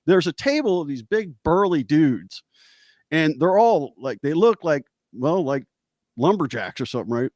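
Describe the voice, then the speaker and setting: A man who is a guest guitarist, telling casual stories in an animated way, laughing often, over a video call. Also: a little high, moderate pace, no room sound, studio quality. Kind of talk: casual storytelling chat.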